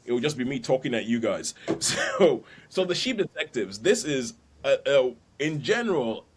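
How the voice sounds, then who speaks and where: A man's voice: medium pitch, sing-song, normal speed, background noise. A man hosting a podcast, chatting casually about films and laughing between points. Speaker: podcast host. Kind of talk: casual film review chat.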